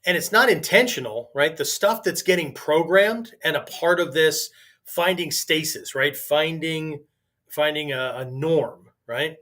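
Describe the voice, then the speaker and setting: A man talks off the cuff as a podcast host, his voice sitting a little higher than most men's. He restarts sentences as he thinks aloud and keeps checking in with the listener with a "right?" after almost every point. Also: unhurried, bright, forceful tone. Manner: conversational, constantly asks "right?", restarts sentences. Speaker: podcast host and martial arts teacher. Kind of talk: casual podcast monologue.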